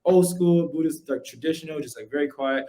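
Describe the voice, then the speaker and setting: A young man, a podcast guest, casually telling his story in animated, slangy speech full of "like" and "yo". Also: fairly high pitch, fairly quick.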